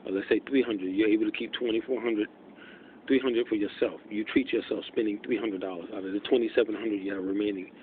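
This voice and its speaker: A man speaks in a hushed, muted voice that sits on the low side. He rambles through a monologue, thinking aloud and filling pauses with fillers. The audio is tinny and phone-like, with a faint hiss underneath. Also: steady tone. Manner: deliberately muted, hushed delivery.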